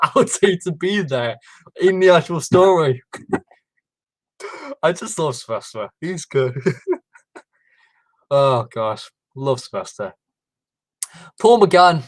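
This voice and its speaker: A man's voice: fairly high pitch, lively intonation, unhurried, long pauses, no echo, rough recording. A man hosting a casual livestream, rambling with many fillers and restarts. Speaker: livestream host. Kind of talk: casual chat.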